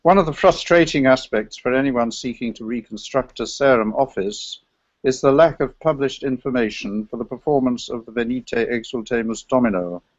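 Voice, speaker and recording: A man with a gravelly voice presents an academic paper in a scholarly, meandering way. The recording is dry and slightly dull, with no room sound. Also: medium pitch, moderate pace, no room sound. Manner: scholarly, digressive, sings chant examples. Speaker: lecturer on medieval chant.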